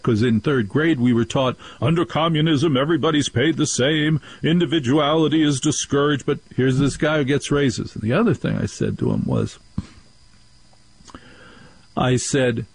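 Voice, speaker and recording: A husky, mid-pitched man hosts a talk radio show. He tells stories in an animated way and does the voices of the people in them. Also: moderate pace, rough recording. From New Jersey. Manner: animated storytelling, acts out quoted voices.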